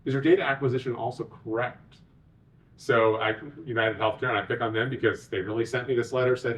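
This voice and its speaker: A man, a physician executive, giving a conference talk with animated, sarcastic asides. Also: medium pitch, fairly quick, far from the mic.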